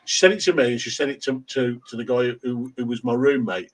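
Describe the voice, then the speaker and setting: Brisk and medium-pitched, this English-accented man in middle age hosts a laid-back chat stream among friends. He tells stories, laughs a lot, and doesn't hold back on swearing.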